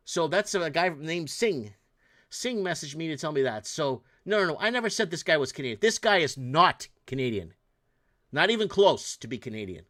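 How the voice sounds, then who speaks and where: A man's voice: fairly high pitch, very animated, moderate pace, fairly bright tone. A man hosting his own podcast, giving casual, exasperated news commentary, rambling with frequent restarts and fillers. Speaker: podcast host.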